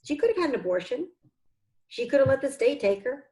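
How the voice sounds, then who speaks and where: A woman's voice: high-pitched, big pitch swings, a little fast, dark tone, rough recording. A woman in an interview, an adoptive mother and foundation founder, telling her family's story in a heartfelt, earnest way that comes close to tears.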